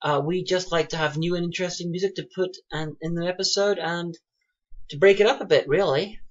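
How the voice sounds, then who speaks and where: A woman's voice: lowish voice, fairly even intonation, a little fast. A woman co-hosting a podcast in casual chat, with dry, wry asides. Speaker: podcast co-host. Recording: muffled lo-fi podcast audio.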